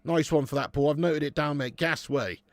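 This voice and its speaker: A man's voice: fairly high pitch, brisk, gravelly, no room sound. A man in his late thirties hosting a live football watch-along, chatting loosely with viewers, swearing, and calling them "mate" and "lad". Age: 30s. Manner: laid-back banter, swears, calls viewers "mate" and "lad".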